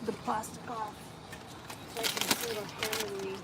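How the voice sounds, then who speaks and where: A woman vlogs casually while running errands between rideshare shifts, talking both to herself and to her viewers. Her voice sits at medium pitch with a level tone and normal speed, and there is background noise.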